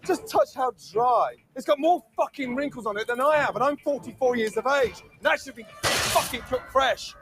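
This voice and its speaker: A man, a head chef, shouting profane insults at his cooks in a busy restaurant kitchen. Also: very high-pitched, normal speed. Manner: furious, profane, barking insults. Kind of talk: shouting kitchen tirade on reality TV. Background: dramatic music.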